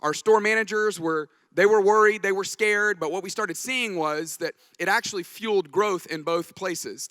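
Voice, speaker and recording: Bright-voiced pastor telling stories. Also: male voice, sits high, dry recording. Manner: anecdotal, joking storyteller. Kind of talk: conference talk. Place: conference stage.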